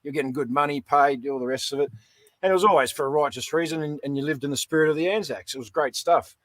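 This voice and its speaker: Blunt Australian man, slightly high voice. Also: fast, fairly bright tone, no room sound. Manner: blunt, folksy, peppered with "mate". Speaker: veteran guest. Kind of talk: casual interview.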